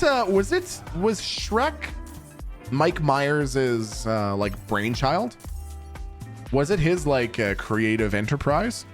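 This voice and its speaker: A young man streams a game and chats casually with viewers over game music, laid-back and swearing and laughing a lot. His voice is fairly high and a bit bright.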